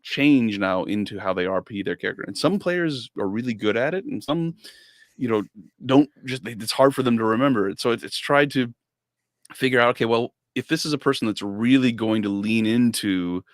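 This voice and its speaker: A man's voice: mid-range voice, expressive, moderate pace, no room sound, clean studio sound. A man talking casually as a podcast guest about running his tabletop game, hesitant, with many fillers and restarts.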